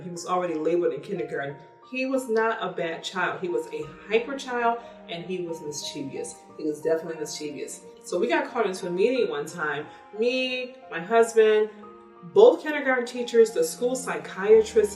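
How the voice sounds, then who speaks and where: A woman's voice: medium pitch, recorded from a distance. Woman telling a story in an echoey room. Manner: candid, animated retelling with quoted dialogue. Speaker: parent vlogger. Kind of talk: casual storytelling. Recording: echoey room, voice from off-mic, faint music.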